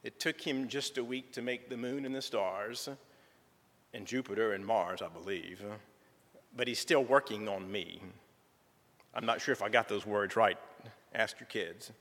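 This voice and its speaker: A middle-aged man, telling a folksy church testimony with gentle humor. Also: lowish voice, a little slow, pauses often. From southern United States. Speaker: church member giving a testimony. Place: church sanctuary. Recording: reverberant church sanctuary.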